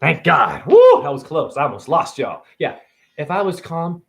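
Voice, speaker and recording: A man in his forties rants on a phone livestream, sermonizing to his viewers and peppering them with questions. His voice sits high for a man and leaps and dips all over the place. He is blunt, preachy and happy to swear. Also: huge pitch swings, normal speed, gravelly, fairly bright tone. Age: 40s. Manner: preachy, combative, swearing, asks the audience questions. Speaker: livestream host. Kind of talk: rambling livestream monologue.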